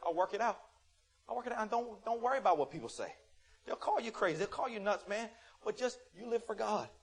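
A man preaching a sermon, swinging from loud scolding to quiet, earnest testimony and acting out little dialogues in quick voices. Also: high voice, expressive, slightly rough.

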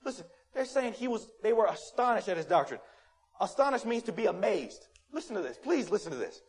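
A man preaching a sermon in a church, animated and playful, acting out quotes and rising to loud emphasis. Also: high-pitched, a little fast. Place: church sanctuary.

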